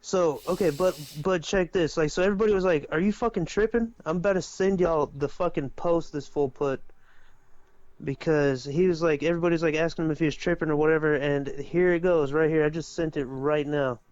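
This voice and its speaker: A man's voice: on the high side, a little fast, darkish tone, no echo, muffled recording. Rambling, profane podcast guy. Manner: rambling, profane, retells with mimicked quotes. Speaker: podcast co-host. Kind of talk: casual crude chat.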